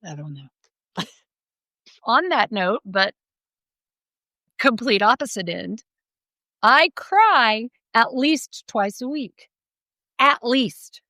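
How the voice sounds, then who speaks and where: Bright, animated middle-aged woman. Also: a little high, slow, pauses often, dry recording, low-quality recording. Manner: animated storyteller, laughs often, acts out quotes. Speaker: podcast co-host. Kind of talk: casual chat.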